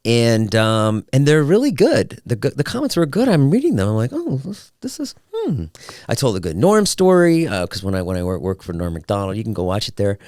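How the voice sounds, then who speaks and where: A man in his fifties talks through a solo podcast in a loose, self-mocking way, his pitch leaping about as he jokes. His voice comes across smooth and resonant, and the sound is dry and close with no room around it. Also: sing-song, fairly quick, few pauses, a little mellow, no room sound. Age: 50s. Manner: chatty and self-mocking, with playful voice swings. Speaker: podcast host. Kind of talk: casual solo podcast chat.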